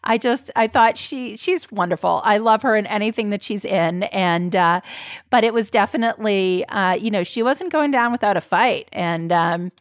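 A woman's voice: medium pitch, moderate pace, no room sound, clean studio sound. A woman co-hosting a film podcast, chatty, retelling scenes and quoting characters. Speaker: podcast co-host. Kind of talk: casual film review chat.

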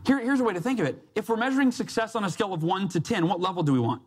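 A husky, animated voice that sits high and races along very fast belongs to a success coach and speaker. In a motivational talk before a live audience, he relates a personal story and performs each quoted voice.

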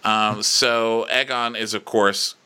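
A man's voice: on the low side, slow, clear, resonant tone. A man casually recapping a TV episode as a podcast co-host, slipping into mocking character voices. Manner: animated, breaks into mocking put-on voices of characters.

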